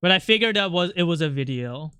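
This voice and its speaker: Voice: mid-range voice, expressive, quick pace, pushed and bright, clear, resonant tone, no room sound, clean studio sound. A streamer chatting casually and playfully with chat while drawing, rambling with lots of fillers.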